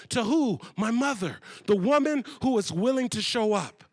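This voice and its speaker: A man giving a storytelling keynote talk to a conference audience, building dramatically to loud emphasis. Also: high-pitched, lively intonation, normal speed, hardly any pauses, dry recording. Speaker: motivational speaker. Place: conference hall with live audience.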